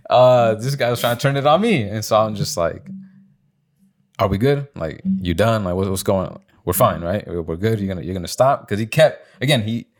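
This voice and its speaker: A man's voice: lowish voice, lively intonation, fairly quick, hardly any pauses. A young man on a podcast, casually telling a story, acting out quotes in a raised voice and swearing often. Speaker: podcast co-host. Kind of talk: casual storytelling among friends.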